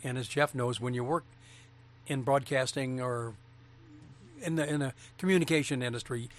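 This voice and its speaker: A man's voice: mid-range voice, moderate pace. A veteran broadcaster reminiscing earnestly about people he met during his career, in casual chat. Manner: reminiscing, earnest, with small restarts. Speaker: broadcaster and former TV interviewer.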